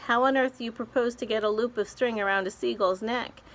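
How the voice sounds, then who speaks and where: A woman's voice: on the high side, steady tone, brisk, voice pushed up, close to an everyday voice. A woman reading aloud, voicing an anxious, indignant male earthworm in a storybook. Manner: sharp, protesting.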